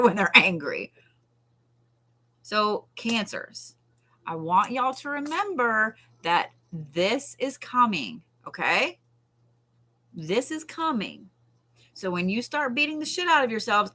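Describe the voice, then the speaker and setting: A woman reads tarot cards on a live stream. Her voice is bright and forward, and her delivery is chatty and unfiltered. She drops casual curses and soothing reassurances as she talks. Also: medium pitch. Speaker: tarot reader. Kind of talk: live-stream card reading.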